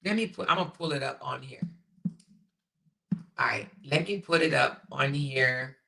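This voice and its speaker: Hosting a casual livestream, a woman reads viewer comments aloud, chatty, repeating herself and laughing often. She has a bass voice with vocal fry, bright and forceful, at a moderate pace.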